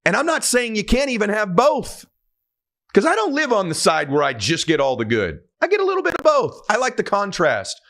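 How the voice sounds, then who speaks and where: A man's voice: sits high, huge pitch swings, a little fast, fairly bright tone. Emphatic man giving a faith pep talk. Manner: emphatic, preachy, urging. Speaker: motivational speaker.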